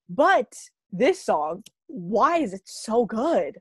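A young woman co-hosting a podcast in casual chat, gushing and animated, saying "oh my God" often. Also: a little high, very slow, breathy edge, no room sound, studio quality. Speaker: podcast co-host.

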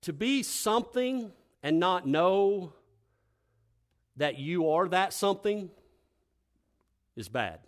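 An older man who is a pastor, telling folksy stories that build into loud, emphatic preaching. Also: high voice, expressive, slow pace, long pauses. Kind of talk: sermon with storytelling.

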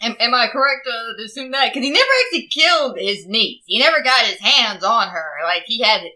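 Woman co-host, high and very lively, bright tone, slangy and joking. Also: a little fast, poor audio. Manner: animated, profane, jokey, slangy. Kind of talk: casual chat about horror films.

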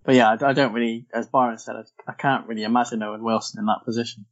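A man's voice: mid-range voice, fairly even intonation, very fast. A man co-hosting a podcast, eagerly jumping in to talk about a film and quote its lines. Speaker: podcast co-host. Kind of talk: casual film discussion. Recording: dull lo-fi podcast audio.

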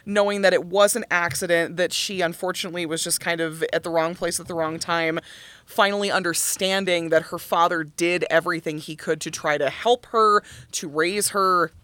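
Bright, expressive woman co-host who breaks into big laughs and curses. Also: lowish voice, normal speed, dry recording. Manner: animated, laughs hard and curses. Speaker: podcast co-host. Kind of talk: casual chat about musical theatre.

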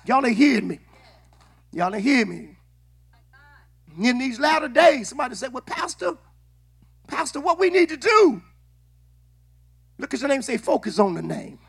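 High, bright-voiced preacher man. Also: sing-song, normal speed, gravelly, pauses often, breathy edge. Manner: call-and-response preaching, shouting at peaks. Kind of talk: sermon.

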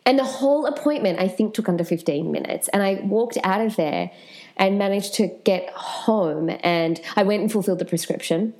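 A woman's voice: mid-range voice, normal speed. A woman guest telling her personal story frankly and with animation in an interview. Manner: frank, animated, swears casually.

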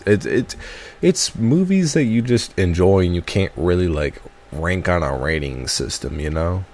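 Young male podcast co-host, low voice, lively swings, jokey casual banter. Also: a little slow, a little hiss or hum. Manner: animated, jokey, slips into mock voices.

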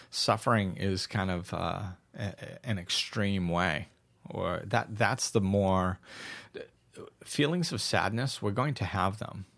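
Gravelly and lowish yet fairly bright in tone, this man's voice carries a relaxed, reflective conversation he's hosting. His storytelling rambles, full of false starts and do-overs.

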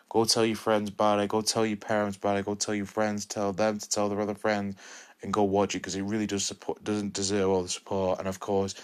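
A man's voice: on the low side, smooth. A man in his twenties talking casually and enthusiastically as a podcast host reviewing a film, rambling with restarts and repeated words. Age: 20s.

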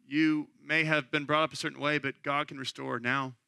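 Bright-voiced man preaching earnestly. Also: on the high side, flat delivery, normal speed, gravelly, smooth, no echo, studio quality. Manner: earnest, conversational preaching that rises to impassioned. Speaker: pastor. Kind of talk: sermon.

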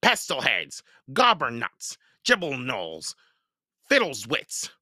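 A man voicing a wild male creature who hurls high, yelled insults. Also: wildly swooping pitch, slow pace, dry recording, clean studio sound, full character voice. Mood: taunting.

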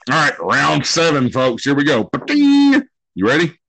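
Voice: mid-range voice, animated, moderate pace, gravelly, pushed and bright, slightly rough, dry recording. A person hosting a casual guessing game with a partner at home, swearing a lot and teasing. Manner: profane, teasing. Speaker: game host.

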